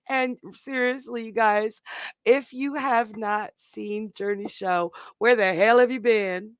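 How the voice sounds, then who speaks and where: Male psychic host, unhurried and chatty, reading viewer comments aloud over lo-fi stream audio. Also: high voice, steady tone, clear, resonant tone, no echo. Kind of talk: live tarot reading and viewer chat.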